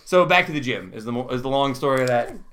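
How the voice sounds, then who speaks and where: A man's voice: mid-range voice, animated, quick pace, fairly bright tone, slight background noise. A young man co-hosting a casual podcast, telling self-mocking stories and laughing as he goes. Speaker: podcast co-host. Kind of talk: casual chat.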